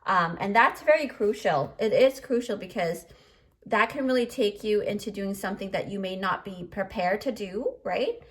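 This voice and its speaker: A woman's voice: mid-range voice, normal speed. A woman giving a pick-a-card tarot reading in a chatty, emotional way, full of fillers, and choked up. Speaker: tarot reader.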